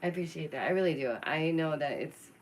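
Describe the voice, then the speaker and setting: Woman, low voice, casual stream commentary, sassy, expressive, faint background noise. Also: quick pace, low-quality recording. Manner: expressive, sassy, laughs often. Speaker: YouTube commentary host.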